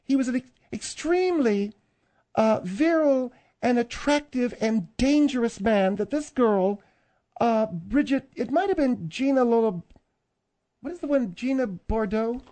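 A woman's voice: a little high, lively intonation, measured pace, dark tone. An older woman co-hosting a radio show, bantering in a bossy, teasing way. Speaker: radio co-host.

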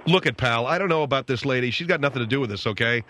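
A man hosting a comedic radio talk show, brisk and wry, with mock-grand announcements. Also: medium pitch, pushed and bright, a little hiss or hum.

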